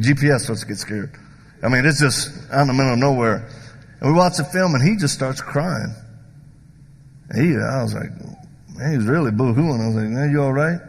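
A middle-aged evangelist with a Southern American accent tells stories in a folksy sermon, swinging from loud punchlines to hushed asides. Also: male voice, mid-range voice, vocal fry. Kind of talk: storytelling sermon. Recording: long reverb of a large hall.

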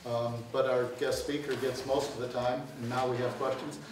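A man's voice: medium pitch, level tone, normal speed. Man moderating in an echoey hall. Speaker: event moderator. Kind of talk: announcements and Q and A moderation. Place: university lecture room. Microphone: no microphone, recorded from far off. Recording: roomy, distant, noisy.

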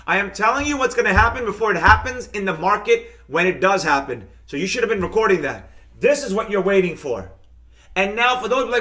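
A high-pitched, bright-toned man runs a live market lesson for his viewers. His talk is hyped and repetitive, and he keeps answering chat comments as he goes. He chants his catchphrases again and again. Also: expressive, fairly quick. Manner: talks straight to viewers, reading their comments. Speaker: trading teacher hosting a live stream.

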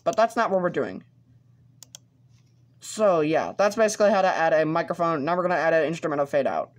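A man talking through a casual screen-recorded software tutorial, halting, with many fillers and restarts as he explains each step. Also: fairly high pitch, expressive. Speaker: tutorial host.

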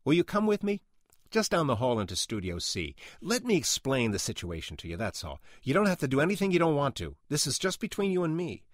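A man's voice: fairly high pitch, huge pitch swings, a little fast, no echo, studio quality, pitched above the performer's own voice. A man voicing a pushy, persuasive man who coaxes a coworker in an urgent way. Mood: urging.

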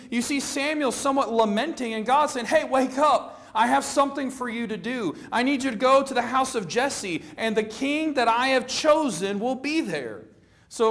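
A middle-aged man preaching a sermon, telling the story with lively acted-out quotes and a plain conversational manner. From Florida. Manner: animated storytelling, acting out quoted lines with rising pitch.

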